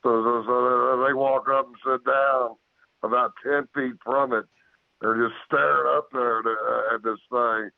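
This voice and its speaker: Gravelly guy rambling through a wild story, keeps saying "man", dry tinny phone sound. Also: little pitch movement, unhurried, no room sound. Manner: acts out his own shouted lines louder and higher. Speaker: podcast guest. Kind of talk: storytelling an encounter.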